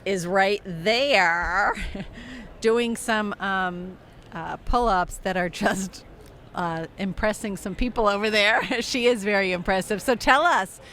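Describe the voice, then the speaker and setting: A woman reporter interviewing a guest at a home show, upbeat and quick to giggle. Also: medium pitch, fairly bright tone, slight background noise. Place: home show floor indoors.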